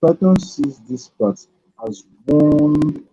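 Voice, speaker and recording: A man teaching a live-streamed programming lesson, thinking aloud in halting phrases as he types. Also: on the high side, animated, warm tone. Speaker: programming tutor. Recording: dull lo-fi stream audio.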